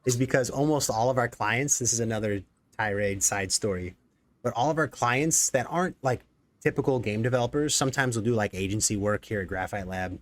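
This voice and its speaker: A man's voice: mid-range voice, fairly quick. A man hosting a casual live stream, rambling and joking with many fillers. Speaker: executive producer and stream host.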